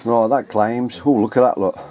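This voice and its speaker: Speaking at a normal pace with medium pitch, fairly even intonation, and a darkish tone, a man rambles through casual running commentary into a handheld camera mic. He's a radio hobbyist vlogger working outdoors at home, on ladders and in the garden, and often corrects himself.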